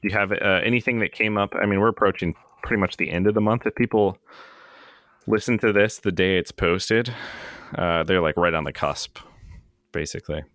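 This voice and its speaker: A podcast co-host with a very low male voice chats casually at a fairly quick pace, sounding relaxed and self-deprecating, with lots of ums and small restarts. The recording is close and dry, with no room sound around it.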